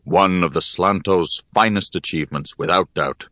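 A man voicing a wise older male poet and scholar, speaking in a slow, measured, solemn way in an audiobook. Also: deep voice, a bit bright, no echo, clean studio sound. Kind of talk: audiobook character reading.

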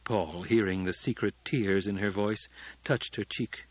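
A man doing measured, dramatic audiobook narration. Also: fairly low pitch, steady tone, no echo. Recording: dull, dry studio audiobook.

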